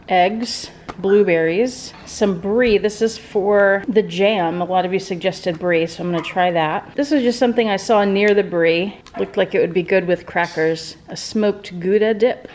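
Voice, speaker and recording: Woman, casual vlog chat, mid-pitched voice, home kitchen, faint hiss behind. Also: unhurried, a little mellow. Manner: chatty, talks sing-song and high to her pets. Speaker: vlogger.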